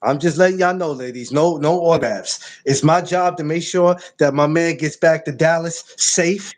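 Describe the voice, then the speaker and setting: A man hosts a casual podcast, his voice sitting high for a man. He jokes loudly and hammers his lines home by repeating them. The talk is loose, teasing banter. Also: normal speed. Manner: loud, joking, repeats himself. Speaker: podcast host.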